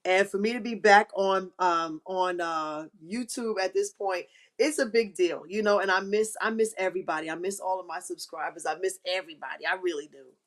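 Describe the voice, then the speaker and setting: Middle-aged woman host, lowish voice, heartfelt faith encouragement, near tears, repetitive. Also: steady tone, moderate pace. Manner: heartfelt and encouraging, repeats key phrases. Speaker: livestream host. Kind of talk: inspirational faith talk on a live stream.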